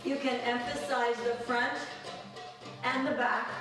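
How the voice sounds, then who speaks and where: A woman's voice: a little high, fairly even intonation, unhurried. Upbeat woman dance teacher counting beats. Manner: counts beats aloud while cueing moves; encouraging and upbeat. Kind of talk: leading a live dance class. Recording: very echoey room, mic far off. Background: music playing.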